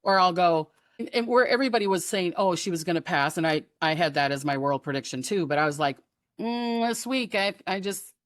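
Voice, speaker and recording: A woman tells a story in a lively, casual way, slipping into the voices of the people in it and laughing often. Her voice sits a little low, and the sound is dry and close. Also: brisk, no room sound. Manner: animated, acts out quoted voices, laughs often. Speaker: psychic guest.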